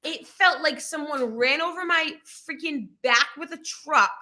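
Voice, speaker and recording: A woman's voice: sits high, measured pace, pushed and bright. A young woman vlog host chatting casually and emphatically about her experience. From Rhode Island, US. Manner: emphatic, dramatic. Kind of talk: casual chat.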